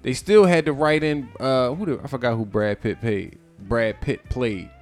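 A man's voice: mid-range voice, moderate pace, soft background music. Rambling man in casual talk. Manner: rambling, many restarts, grows animated. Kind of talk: casual discussion.

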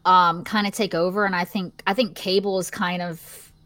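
A woman with a Southern accent from Virginia, talking casually as an interview guest. Her voice is bright and forward, and she hesitates with frequent fillers. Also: fairly low pitch, fairly even intonation, moderate pace, dry recording. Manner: chatty, hesitant, many fillers. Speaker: guest, actress.

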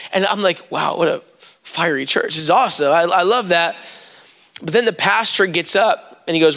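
A man with a voice on the high side and a bit bright preaches a sermon. He tells stories and speaks directly to the congregation.

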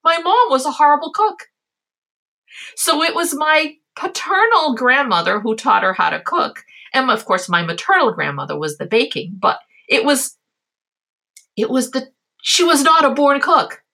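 A woman from the Azores tells family stories as an interview guest, with a bright and clear tone. She talks casually and warmly, sharing heartfelt memories in an animated way. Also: high-pitched, moderate pace. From Azores, Portugal. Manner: animated, heartfelt, acts out voices in her anecdotes. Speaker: guest, cookbook author.

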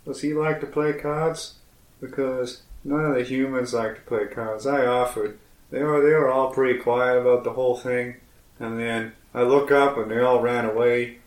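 A man's voice: medium pitch, fairly even intonation, normal speed, distant mic. A man plays in character at a tabletop game, hesitant and rambling. He sits back from the mic, and the room adds a noticeable echo. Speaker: player. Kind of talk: in-character tabletop role-play.

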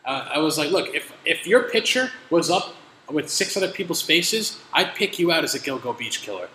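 A man holds forth in a lively, bright voice that swings up and down as he tells his story. His talk is full of profanity and exasperated asides. The room behind him is echoey, with a faint hiss underneath. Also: fairly high pitch, normal speed. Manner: profane, animated rants, exasperated. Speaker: podcast host. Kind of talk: casual chat, storytelling.

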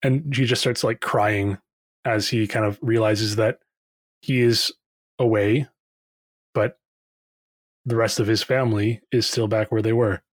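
A man narrating a tabletop game as game master, relaxed and rambling with fillers. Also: lowish voice, unhurried, pauses often, dry recording.

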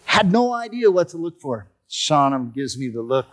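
Expressive man telling his recovery story. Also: fairly high pitch, normal speed, hardly any pauses. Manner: storytelling, expressive, acts out dialogue. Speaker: testimony speaker. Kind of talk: personal recovery testimony.

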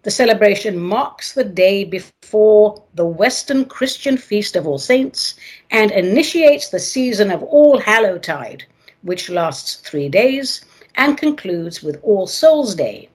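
A woman hosting her own radio show, talking in a playful, dramatic way with sing-song emphasis and a husky voice; she moved to America from elsewhere. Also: medium pitch, expressive, slow, a little mellow. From not from America, moved there. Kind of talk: theatrical solo radio talk.

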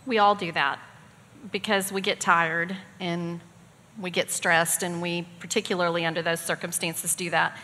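A middle-aged woman co-teaching a parenting class at a church, giving practical advice in a steady, calm way. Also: mid-range voice. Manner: steady, practical, gives examples. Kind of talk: calm instructional talk. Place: church hall. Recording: long hall reverb.

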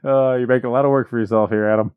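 A man's voice: medium pitch, fairly even intonation, racing, smooth, dry recording, phone-quality sound. A young man co-hosting a podcast in casual chat, wry and teasing, laughing easily. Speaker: podcast co-host.

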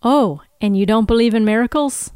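A woman's voice: on the high side, moderate pace, a little mellow, clear, resonant tone, no room sound, studio quality, close to an everyday voice. A woman reading a TV scene, voicing a brash, teasing Scottish male runner with a put-on Scottish accent. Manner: playful, teasing, calls people brother. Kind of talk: read-through of a TV scene.

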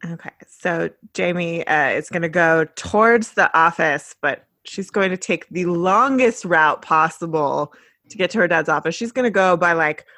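A woman's voice: fairly low pitch, normal speed, pushed and bright, no echo, studio quality. A woman playing a tabletop role-playing game, casually describing her character's actions. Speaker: player.

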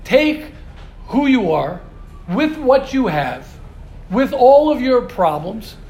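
A man's voice: very high voice, big pitch swings, slow pace, darkish tone. A man teaching a religious class to students, emphatic and repetitive, sometimes acting out their complaints. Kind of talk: lively classroom lecture. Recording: echoey room.

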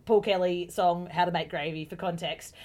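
A woman's voice: on the low side, moderate pace. A young adult woman co-hosting a podcast, telling stories in casual chat and often breaking into laughter. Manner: laughing, animated storytelling. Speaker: podcast co-host.

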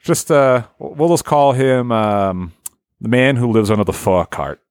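A man's voice: medium pitch, measured pace, a little mellow, smooth, dry recording, studio quality. A man co-hosting a podcast, talking heatedly and mockingly with lots of swearing. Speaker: podcast co-host. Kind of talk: casual chat.

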